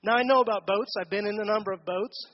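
A man's voice: high-pitched, fairly even intonation, quick pace, muffled recording. A man giving a conversational sermon as a pastor, asking the congregation questions during a church service.

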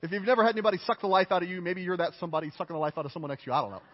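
Preaching in a high, expressive voice, this male pastor talks very fast. He earnestly and emphatically repeats phrases and makes self-deprecating jokes. His sermon was captured with dull, lo-fi audio in an echoing hall.

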